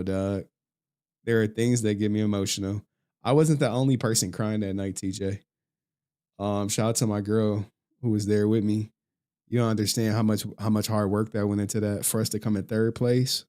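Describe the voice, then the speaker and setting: A man's voice: fairly low pitch, a little mellow. A man chatting casually on a live stream, talking straight to his chat in a loose, profane way and laughing often.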